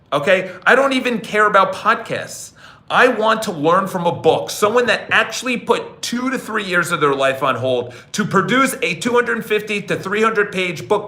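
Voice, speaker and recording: A man's voice: fairly high pitch, bright, forceful tone, reverberant. A man hosting a podcast, giving a casual motivational talk in a blunt, preachy way, often repeating himself and asking "okay?". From New York City. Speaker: podcast host.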